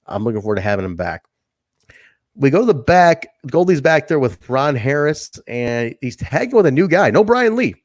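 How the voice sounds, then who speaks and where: A man co-hosts a wrestling podcast in a loose, chatty way, laughing and acting out lines as he goes. His voice sits in a middle pitch. The sound is close and dry. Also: moderate pace, no echo. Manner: animated, laughs often, acts out quotes. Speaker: podcast co-host. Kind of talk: casual wrestling review chat.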